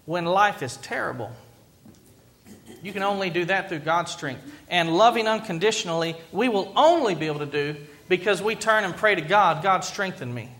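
A man's voice: sits high, a bit bright. A middle-aged man preaching a sermon, earnest and emphatic, driving points home by repetition. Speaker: pastor.

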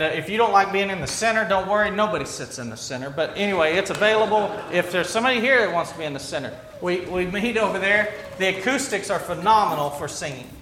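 Bright high-voiced pastor in an echoey church. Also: male voice, slight background noise. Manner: conversational, halting with restarts and fillers. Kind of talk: sermon. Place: church sanctuary. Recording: roomy church echo, faint ambience.

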